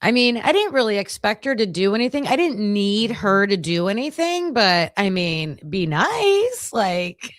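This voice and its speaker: A woman chats casually with her livestream viewers. She tells her stories in a lively, talkative way. Her voice sits at an average pitch, and the recording is dry and close. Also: moderate pace, no room sound. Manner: chatty, animated storyteller. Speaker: livestream host covering a trial.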